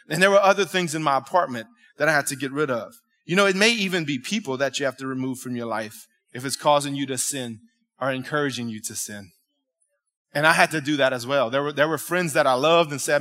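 A male pastor preaching a sermon in a church, telling a story in an animated, emphatic way and talking directly with the congregation. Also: on the high side, brisk. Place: church sanctuary.

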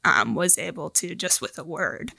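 A woman joins a casual scripture discussion, sharing her reflections earnestly. Her voice is bright and forceful, and the recording is dry and close with no room sound. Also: on the low side, expressive, moderate pace, creaky, breathy edge, dry recording. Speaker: discussion guest.

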